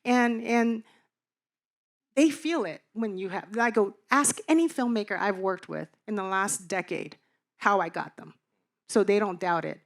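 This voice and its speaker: A woman's voice: medium pitch, unhurried, creaky. A woman producer on a panel, speaking earnestly and repeating words for emphasis. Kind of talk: panel talk.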